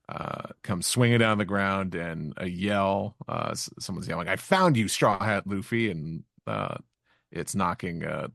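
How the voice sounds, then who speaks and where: A man co-hosting a podcast, recapping a comic chapter in halting casual chat full of fillers. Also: sits low, creaky, dry recording, clean studio sound. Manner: halting, with many fillers and restarts. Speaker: podcast co-host.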